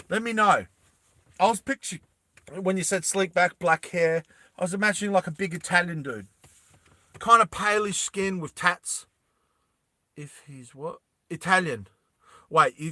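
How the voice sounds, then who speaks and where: A man casually telling a story to his live chat, animated, laughing often and acting out the characters. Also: high voice, no room sound, clean studio sound.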